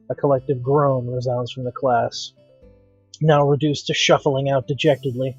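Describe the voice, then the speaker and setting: A man's voice: medium pitch, flat delivery, moderate pace, husky, no echo, lo-fi sound, soft background music. A man hosting a let's play, reading a visual novel aloud with dramatic, wry narration.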